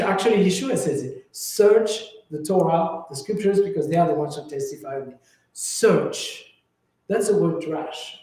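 A man's voice: fairly high pitch, dark tone. A man teaching a Torah class to a group in an informal, searching way, with many restarts and fillers. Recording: very echoey room.

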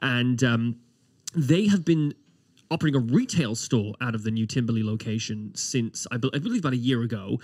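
A man's voice: mid-range voice, a little fast, darkish tone. A man from Britain with a British accent, co-hosting a podcast in chatty, joking casual talk. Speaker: podcast co-host. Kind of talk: casual chat.

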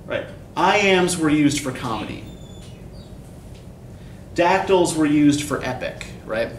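A man's voice: fairly high pitch, animated, takes it slowly, far from the mic, a little hiss or hum. A man teaching poetry in a classroom lecture, explaining terms and often checking in with "right?". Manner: explanatory, keeps asking "right?". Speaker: English instructor. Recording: echoey classroom recorded from afar.

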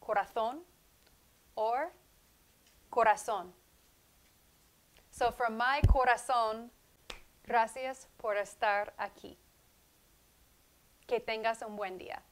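Woman teacher going over letter sounds, higher voice, takes it slow and repeats words a lot. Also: fairly even intonation. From not from Spain. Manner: slow, deliberate, demonstrates each sound aloud. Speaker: Spanish teacher. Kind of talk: pronunciation lesson.

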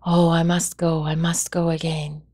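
A woman's voice: deep voice, level tone, moderate pace, warm tone. A woman storyteller voicing a restless young boy who has been turned into a deer, speaking with urgent eagerness. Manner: urgent, pleading.

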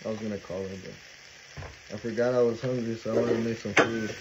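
A man telling a story while he cooks at home, in a casual, animated and profane way, dropping Spanish phrases into his talk. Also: fairly low pitch, fast, muffled recording, very noisy. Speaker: cooking vlogger. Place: home kitchen. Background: frying and sizzling food.

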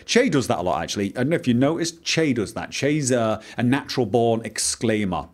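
A man's voice: medium pitch, brisk, few pauses, darkish tone. A man from Manchester with a Mancunian English accent, rambling theatrically while commentating a video game he plays. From Manchester, England. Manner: theatrical, exclaiming inflections. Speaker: Let's Play host.

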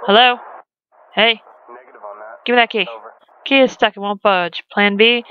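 A woman's voice: a little high, fairly even intonation, measured pace, dull audio, a crowd in the background. A young woman commenting on her game as she plays, chatty and swearing as she reacts. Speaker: gamer. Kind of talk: let's play commentary.

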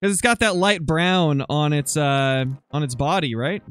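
A young man commentating his hunting game live on stream, excitable and quick to swing into loud frustration. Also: fairly high pitch, smooth, soft background music. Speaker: gaming streamer.

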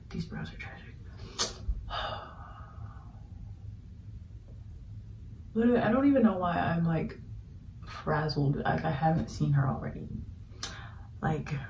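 A woman's voice: sits low, creaky, darkish tone, a little hiss or hum. A young woman vlogging while getting ready, gushing and chatty, full of slang and fillers, sometimes dropping to a whisper. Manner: drops to a whisper while doing makeup. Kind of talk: casual get-ready-with-me vlog. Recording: roomy, slightly distant home recording.

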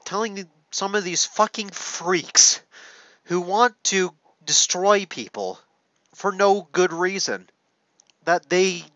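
Emotional guy talking to his camera, slow halting and sweary, voice kinda high, dull muffled audio. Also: animated, bright, forceful tone, no room sound. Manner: halting, emotional, profane, with frequent restarts. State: choked up with emotion. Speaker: content creator. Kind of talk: heartfelt confessional talk to camera. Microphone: camera setup.

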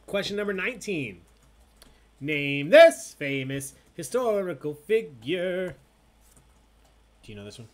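A man's voice: fairly high pitch, big pitch swings, unhurried, pauses often. A man hosting an online trivia night, reading questions and joking with the players in a casual, chatty way. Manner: joking, chatty, drinking as he hosts. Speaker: trivia host.

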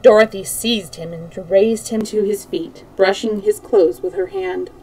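A woman reading a children's book aloud on a livestream, relaxed, with small slips. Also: medium pitch, unhurried, distant mic, rough recording. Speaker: storyteller.

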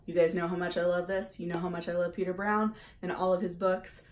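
A woman reading a children's novel aloud to kids in a gentle, encouraging, unhurried way, as a teacher would. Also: fairly low pitch, flat delivery.

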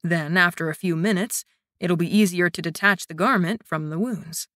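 A woman narrator voicing a young male warrior who teases and reassures in a low, steady voice in an audiobook. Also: moderate pace, no room sound, clean studio sound, lightly acted. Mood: calm. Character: young man, grinning teasing warrior.

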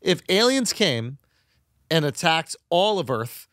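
Male co-host, high voice, dry close mic, playful and teasing. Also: sing-song, slow pace, fairly bright tone, no echo. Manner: playful, joking, doing silly voices. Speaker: podcast co-host. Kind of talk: casual chat.

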